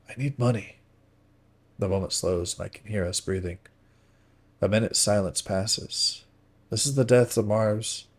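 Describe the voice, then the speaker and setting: A man with a low, husky voice reads a first-person novel aloud. His delivery is measured and dramatic, often sinking into hushed, quiet phrases. It is steady storytelling from a live stream. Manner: measured, dropping to hushed tones.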